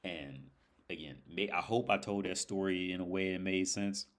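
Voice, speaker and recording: A man's voice: low voice, normal speed, slight background noise. A man hosting a livestream, telling a story in a rambling, profane way with lots of fillers. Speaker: livestream host. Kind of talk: casual livestream chat.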